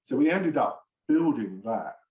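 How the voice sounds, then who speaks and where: A man's voice: mid-range voice, lively intonation, unhurried, a little mellow, reverberant, poor audio. A man, a screenwriter and producer, chatting in an interview, rambling with lots of fillers and frequent laughs. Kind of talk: casual interview chat.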